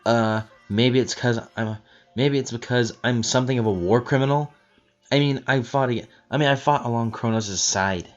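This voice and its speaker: A man's voice: mid-range voice, moderate pace, soft background music, natural voice. Man playing a paranoid boyish ex-soldier. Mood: defensive. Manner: defensive, guarded. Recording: dull lo-fi recording.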